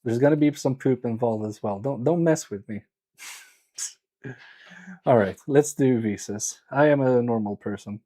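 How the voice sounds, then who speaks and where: Pausing often, this man speaks a little slowly in a dark, medium-pitched voice. He's running a live repair stream on electronics, joking at his own expense and muttering over the job in casual chatter.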